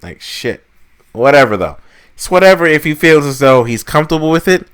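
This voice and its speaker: A man co-hosting a casual wrestling podcast, talking in an animated, mocking way and swearing freely. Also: on the high side, fairly quick, smooth. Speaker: podcast co-host.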